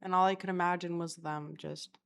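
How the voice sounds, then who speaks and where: A woman's voice: fairly low pitch, steady tone, a little fast, creaky, fairly bright tone. A young woman from Florida rambling through a casual storytime vlog, chatty and self-mocking, swearing constantly. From Florida, USA. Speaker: vlogger.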